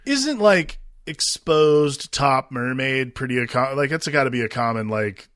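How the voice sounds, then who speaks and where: A man's voice: medium pitch, animated, unhurried, fairly bright tone, no room sound, studio quality. A man co-hosting a movie podcast, making joking, rambling asides with mock voices. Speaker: podcast co-host. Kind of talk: casual movie-review chat.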